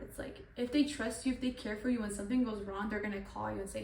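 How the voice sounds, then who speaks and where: A woman's voice: medium pitch, fairly even intonation, quick pace, vocal fry, hardly any pauses, a little mellow, far from the mic. A young woman giving an earnest devotional Bible talk, repeating herself with many "like" fillers. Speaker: channel host. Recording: echoey room, voice off-mic, faint noise.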